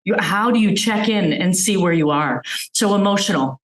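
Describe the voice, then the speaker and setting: A woman's voice: mid-range voice, normal speed, reverberant, low-quality recording. A woman physician giving a webinar talk, earnestly explaining with everyday examples over a video call. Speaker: physician guest speaker.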